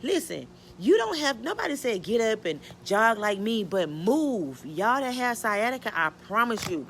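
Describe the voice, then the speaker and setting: A middle-aged woman from the American South, a mother answering viewer questions in an emotional, halting casual talk full of restarts and "you know". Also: a little high, big pitch swings, creaky, a little hiss or hum. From Georgia, US Southern. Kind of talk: casual Q&A chat.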